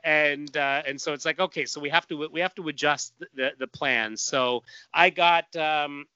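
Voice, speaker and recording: A man's voice: fairly high pitch, steady tone, normal speed, sharp tone, clean tone, dry recording, highs cut off. A man chatting casually on a podcast, telling a long story full of fillers and restarts. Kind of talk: casual chat.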